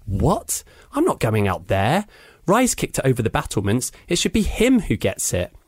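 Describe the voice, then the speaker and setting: A man's voice: mid-range voice, wildly swooping pitch, normal speed, no room sound, pitched above the performer's own voice. A man reading aloud, voicing a stubborn boy with a runny nose who snaps at his friends.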